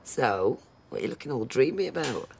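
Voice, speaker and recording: A woman's voice: rumbling low, expressive, gravelly, a little mellow, a little hiss or hum, full character voice. An actress playing a doubtful woman reacting warily to a friend's news. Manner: slow, doubtful.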